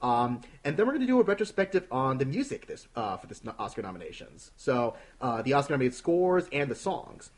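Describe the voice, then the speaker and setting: A man's voice: medium pitch, big pitch swings, brisk, few pauses. A man hosting a casual film podcast, rambling loosely and laughing often. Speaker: podcast host. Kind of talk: casual chat.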